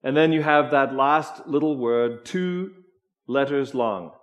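A man preaching a sermon, slow and emphatic, asking the congregation questions as he goes. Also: mid-range voice. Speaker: pastor.

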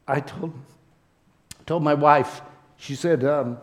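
A man preaching a sermon to his congregation as a pastor, speaking earnestly and with deep emotion, and closing with a prayer. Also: fairly even intonation. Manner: earnest, emotional, slow and heartfelt, addressing the congregation.

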